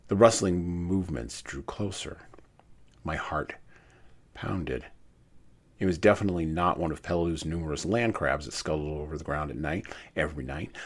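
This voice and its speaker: A man reading a war memoir aloud in a measured way with dramatic pauses, then commenting on it. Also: a bass voice, husky. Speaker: reader and commentator.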